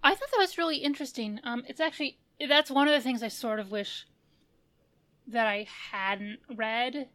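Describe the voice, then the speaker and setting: A woman's voice: on the high side, normal speed, bright, forceful tone. A woman co-hosting a podcast in casual chat, thoughtful, often restarting and hedging her points. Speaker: podcast co-host.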